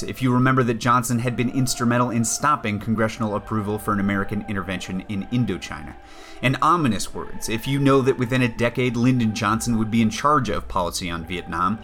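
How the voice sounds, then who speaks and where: A man narrating a history documentary in a measured way, reading quotations aloud and adding pointed asides. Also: medium pitch, fairly bright tone. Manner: reads quotes aloud, framing them with "quote, unquote".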